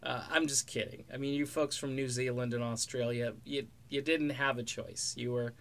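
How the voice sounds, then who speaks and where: A man's voice: mid-range voice, steady tone, moderate pace, fairly bright tone. A middle-aged man giving casual, rambling commentary on music news with sarcastic jokes and asides.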